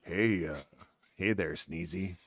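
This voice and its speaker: A man voicing a sleazy fat bald man, with a low, soft, suggestive mutter. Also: takes it slowly, dry recording, studio quality.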